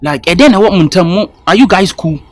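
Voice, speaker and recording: A man with a husky, slightly breathy voice earnestly warns someone in a comedy sketch. His voice sits high and moves in lively swings. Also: a little fast. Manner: earnest advising, warning tone. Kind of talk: comic sketch acting.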